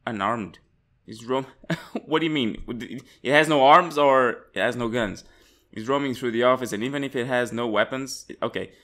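A young man hosting a horror game let's play, reading notes aloud and yelping and swearing when startled. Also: mid-range voice. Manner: jumpy and excitable, yelps and swears when startled. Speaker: gaming channel host.

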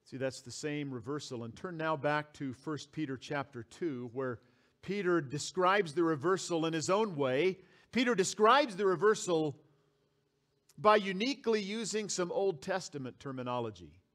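Man, pastor, sermon, slightly high voice, emphatic, repeats phrases, reads scripture aloud. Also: lively intonation, normal speed, a bit bright. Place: church sanctuary.

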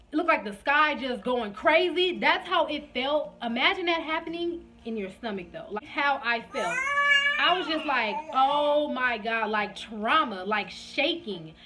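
A young woman casually telling viewers her labor story, acting out her own reactions in sudden high bursts and calling them "y'all". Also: pushed and bright. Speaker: vlogger.

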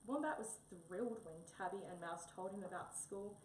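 A woman's voice: medium pitch, normal speed. Aussie lady reading a kids story, roomy echo, mic kinda far, faint hum in the back. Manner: expressive, storybook delivery. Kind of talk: reading a picture book aloud.

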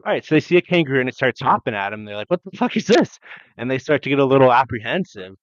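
A man's voice: medium pitch, racing, no room sound. Young guy cohosting a podcast, cussing through a long goofy story, dry muffled mic. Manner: rambling animated storyteller, heavy swearing, laughs often. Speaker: podcast co-host. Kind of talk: casual chat.

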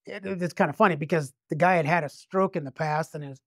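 A man's voice: a little high, brisk, no room sound, studio quality. Rambling, profane man detective. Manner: rambling, with frequent restarts and profanity. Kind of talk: casual storytelling.

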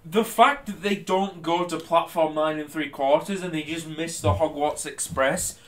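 Young guy ranting and swearing over a game, bright, slightly high voice. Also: steady tone, normal speed. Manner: sweary ranting, laughs a lot. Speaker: game reaction host. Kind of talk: casual game commentary.

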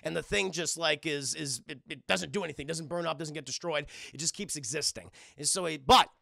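A male streamer with a high, bright voice and a heavy gravelly fry rambles through an anime recap for his chat. He swears freely and keeps turning back to address his viewers. The dry sound sits close to the mic. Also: fairly quick, no room sound. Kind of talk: casual recap to live chat.

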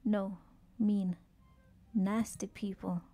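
A woman's voice: mid-range voice, steady tone, extremely slow, warm tone. A woman voicing a pitiful male creature who talks in short, broken, pleading phrases. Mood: sulky.

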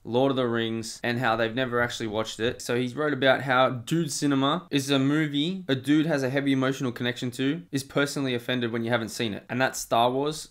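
A young man hosting his own channel, talking in a casual, combative way. He speaks with a mid-range voice, and his reactions lean sarcastic. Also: medium pitch. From Australia. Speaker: political commentary YouTuber.

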